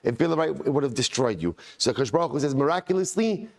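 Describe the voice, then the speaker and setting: A rabbi teaching a daily Talmud class, retelling the text in an animated storytelling way with Hebrew and Aramaic quotes. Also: male voice, mid-range voice, racing, creaky.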